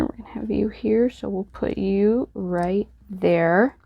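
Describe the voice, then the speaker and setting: A woman's voice: medium pitch, slow pace, creaky, warm tone, no room sound. A woman hosting a crafting video, chatting casually and thinking aloud as she works. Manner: chatty, self-deprecating, thinks aloud while working. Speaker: crafting channel host. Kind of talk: casual crafting tutorial voice-over.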